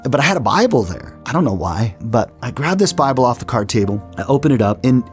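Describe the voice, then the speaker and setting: This middle-aged man shares his personal testimony with earnest, storytelling sincerity, frequently starting over mid-thought. He talks fast and very animatedly at a medium pitch, with soft music playing underneath.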